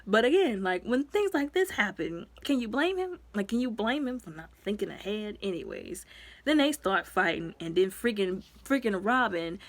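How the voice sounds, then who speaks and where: A woman giving a casual, rambling recap of a movie as a reviewer. She talks in a lively, expressive way, full of asides and fillers. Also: moderate pace, no room sound. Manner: lively and expressive, with sudden jumps in pitch and loudness.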